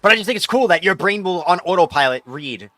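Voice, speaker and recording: A man's voice: sits high, expressive, fast, pushed and bright, no room sound. A man streaming a game, chatting casually with viewers in a rambling, loose way and reading chat aloud.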